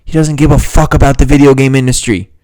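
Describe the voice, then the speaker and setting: A man's voice: medium pitch, steady tone, fast, mellow, dry recording, clean studio sound. A man hosting a gaming video, giving a heated, sarcastic and profane reaction rant. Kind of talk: ranting reaction commentary.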